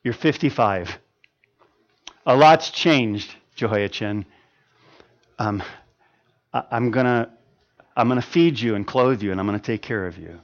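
A preacher voicing a kind, hesitant ancient king who speaks softly and haltingly. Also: medium pitch, lo-fi sound, voice pushed down, lightly acted. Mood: gentle. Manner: soft, halting, hushed.

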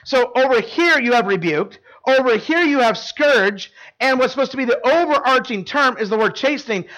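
This male preacher talks to his live church congregation in a casual, conversational way, quizzing them often and using lots of "like." His extremely high voice is expressive, pushed and bright, at a moderate pace.

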